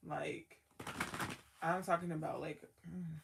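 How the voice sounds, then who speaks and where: A woman's voice: deep voice, level tone, slow pace, gravelly, heavy background noise. A woman giving a casual tarot card reading as the reader, talking in a loose, slangy way full of "like" and trailing thoughts.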